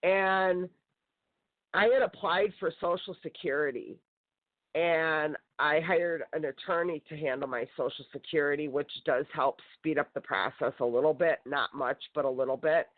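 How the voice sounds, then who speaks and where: A low-voiced woman speaking at normal speed calls into a show to tell her personal story, sounding intense and aggrieved. The phone line makes her tinny, though there's no room sound.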